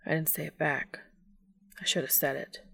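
A woman voicing a gruff, guilt-ridden grieving man who speaks in hushed, strained, near-whispered tones. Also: sits low, level tone, moderate pace, full character voice. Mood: tearful.

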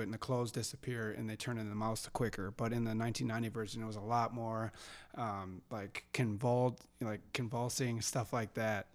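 Easygoing man retelling movie scenes. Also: mid-range voice. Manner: relaxed, filler-heavy, retelling scenes. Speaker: podcast co-host. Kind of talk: casual chat about films.

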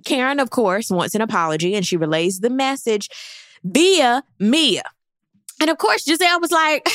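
A pregnant woman giving a blunt, sassy recap in casual chat, jumping into high mock voices. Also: lively intonation, normal speed, fairly bright tone, no echo, clean studio sound. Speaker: reality TV recap host.

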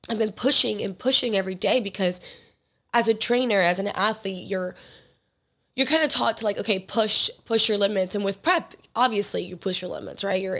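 A young woman hosts her own podcast, her voice still a little hoarse from being sick. She talks in a candid, rambling way, often acting out bits of her conversations with others. Her pitch sits right in the middle for a woman. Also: fairly bright tone. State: hoarse from illness. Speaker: podcast host; fitness trainer and athlete. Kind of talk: casual solo podcast talk.

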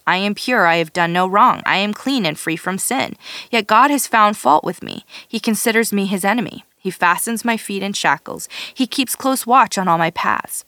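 A woman reads scripture aloud at an even, measured pace, sometimes tripping over a word and starting it again. Her voice sits in an ordinary middle register. The recording is dry, with no room sound around her. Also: medium pitch, no room sound. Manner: steady, measured reading with occasional slips and restarts. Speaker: scripture reader.

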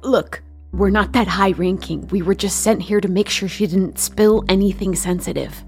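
A woman doing a nervous husky henchman. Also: medium pitch, normal speed, darkish tone, soft background music. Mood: hesitant. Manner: hesitant, apologetic. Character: nervous low-ranking henchman.

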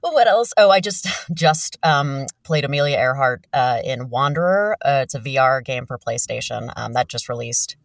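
Give me a halting, casual woman from New Jersey, heard on a remote line in a small dry booth. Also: a bass voice, expressive, no echo, far from the mic. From northern New Jersey. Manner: hesitant, lots of ums and restarts. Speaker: voiceover actress guest. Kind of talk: casual interview chat. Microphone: remote call from a small home booth.

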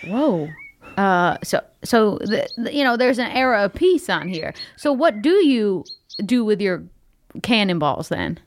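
A woman's voice: mid-range voice, sing-song, a little slow, slight background noise. A woman playing a tabletop game, asking curious, quizzical questions. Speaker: player. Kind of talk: tabletop role-play.

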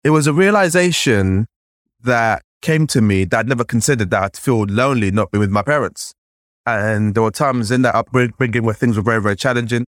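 A man from Nigeria, a podcast guest, recounting his childhood in a lively storytelling way, often saying "like" and acting out the voices he remembers. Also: mid-range voice, brisk, no room sound, studio quality. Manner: animated, acts out remembered voices, frequent "like". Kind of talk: storytelling in conversation.

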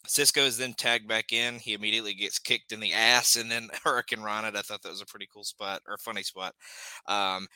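Bright-voiced man recapping matches. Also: fairly low pitch, brisk, clean tone, no echo, rough recording. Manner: relaxed, recaps matches play by play with many fillers. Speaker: podcast host. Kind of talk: casual podcast chat and match recap.

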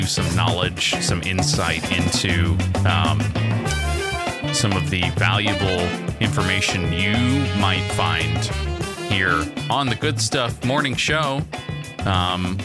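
A man co-hosting a podcast, chatting casually in a rambling, jokey way on a single mono mic. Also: sits low. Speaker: podcast co-host. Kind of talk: casual chat. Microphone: single mono microphone.

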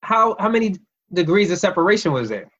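A man interviewing a guest in a relaxed, casual way, mostly giving short replies. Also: high voice, fairly quick, muffled recording.

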